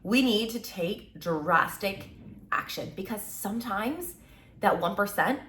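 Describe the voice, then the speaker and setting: A woman in her twenties giving an energetic, tough-love motivational talk as a content creator. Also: mid-range voice, slow, echoey room, slight background noise. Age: 20s.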